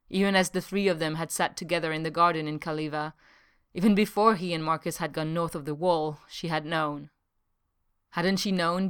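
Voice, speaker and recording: A woman narrating a novel as an audiobook, in a measured, even way. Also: low voice, clean tone. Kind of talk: scripted narration.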